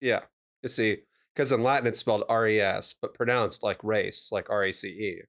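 A man's voice: on the low side, steady tone, moderate pace, fairly bright tone. Wry man recapping a show. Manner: dry, wry wordplay and explanations. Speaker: podcast co-host. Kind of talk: casual recap chat.

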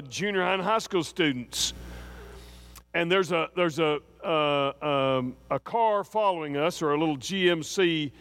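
A middle-aged man from Texas telling an animated, folksy anecdote, acting out voices with asides to the listener. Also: on the high side. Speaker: storyteller. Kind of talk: anecdotal storytelling.

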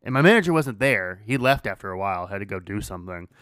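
A man's voice: on the low side, lively intonation, quick pace, fairly bright tone, no room sound, studio quality. A man hosting a podcast, casually telling a story, swearing freely and laughing as he goes. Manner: laid-back, swears freely, laughs through his story. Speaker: podcast host.

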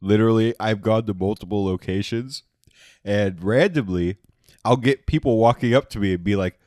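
A man's voice: lowish voice, normal speed, darkish tone, dry recording, studio quality. A man on a casual podcast with friends, telling an odd story and swearing casually. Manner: swears casually, laughs through stories. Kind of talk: casual chat among friends.

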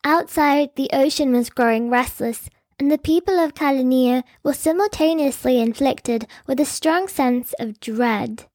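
A woman's voice: high-pitched, unhurried, few pauses, a little mellow, dry recording, clean studio sound. A woman telling a historical story in scripted narration with lightly wry asides.

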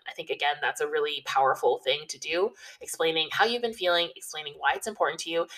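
Low-voiced woman giving chatty advice. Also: far from the mic, poor audio. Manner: chatty and relaxed, with many fillers like "you know" and "like". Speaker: wedding planning advice vlogger. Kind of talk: casual advice talk to camera.

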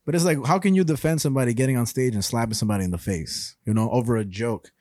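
A man's voice: mid-range voice, rapid-fire, darkish tone, dry recording, studio quality. A young man co-hosting a podcast, chatting casually in slangy banter and laughing often. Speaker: podcast co-host. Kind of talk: casual chat.

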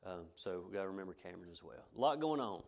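A man's voice: sits low, lively intonation, rapid-fire, gravelly, darkish tone. A middle-aged pastor, preaching a folksy sermon to his congregation, repeating himself and chuckling between points.

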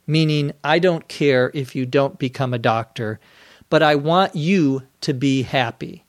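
A man teaching English on a podcast, explaining words slowly and clearly, spelling some of them letter by letter, with a dry sense of humor. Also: a little high, expressive, no echo.

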